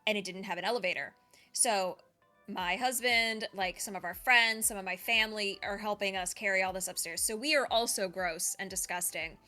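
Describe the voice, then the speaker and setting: A woman's voice: medium pitch, pushed and bright. A young woman co-hosting a casual chat, telling a candid, rambling story. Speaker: podcast co-host.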